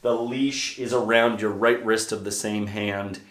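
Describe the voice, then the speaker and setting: A young man, a dog trainer, giving a casual, hands-on lesson with brisk explanations. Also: lowish voice, steady tone, fairly bright tone. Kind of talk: casual instructional talk. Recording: roomy echo.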